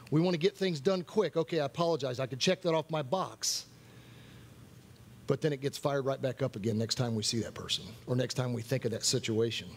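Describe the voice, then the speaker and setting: Husky preacher man, earnest and repetitive. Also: fairly high pitch, darkish tone. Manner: earnest, repeats key phrases for emphasis. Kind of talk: sermon. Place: church worship night.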